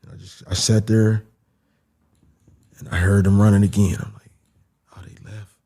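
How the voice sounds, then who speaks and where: A young man casually telling a story, animated and swearing, acting out the voices of the people in it. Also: on the low side, normal speed.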